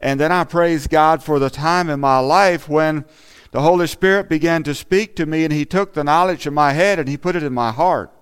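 A man's voice: on the high side, normal speed, clear, resonant tone. A man giving an earnest, conversational sermon in a church, often saying "you know" as he talks. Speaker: lay preacher.

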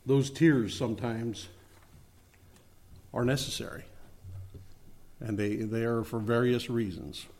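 A male pastor delivers a sermon in an earnest, measured voice. His pitch sits in an ordinary middle range for a man. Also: a little mellow.

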